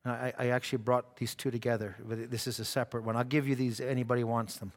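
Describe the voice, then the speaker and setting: A man's voice: medium pitch, fairly even intonation, a little fast. A man preaching a sermon in church, telling stories and acting out the quoted dialogue.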